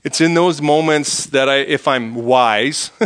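Bright-voiced pastor preaching a sermon. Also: male voice, mid-range voice, slow pace, clear, resonant tone. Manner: earnest, rising to fervent pleading prayers then dropping to quiet reflection.

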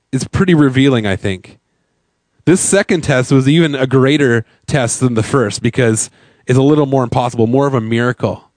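A man's voice: medium pitch, no echo. A man, a pastor, preaching a sermon in a conversational way, full of fillers and rhetorical questions. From Canada.

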